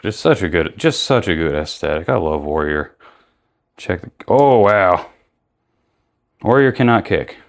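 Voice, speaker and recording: With lively intonation and an unhurried delivery full of pauses, a young man with a notably low voice chats loosely through an action figure unboxing. He rambles, retraces his steps, and corrects himself throughout.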